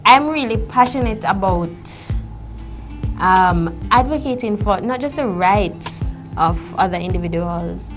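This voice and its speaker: A woman's voice: medium pitch, expressive, unhurried. A young Jamaican woman in her twenties, a guest on a talk show, speaking earnestly and laughing lightly. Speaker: guest, law graduate. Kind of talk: casual chat. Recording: music playing behind the voice.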